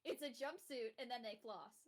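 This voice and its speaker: A woman's voice: fairly high pitch, moderate pace, natural voice. A woman voicing a naive, boastful young hero in a tabletop game, talking bluntly and goofily. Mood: goofy. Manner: blunt, goofy, bragging.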